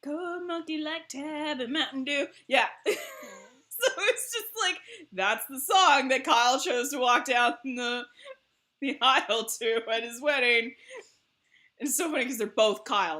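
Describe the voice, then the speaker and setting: Bright, laughing woman streamer. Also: fairly high pitch. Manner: laughing, animated storytelling. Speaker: livestream host. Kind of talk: casual chat.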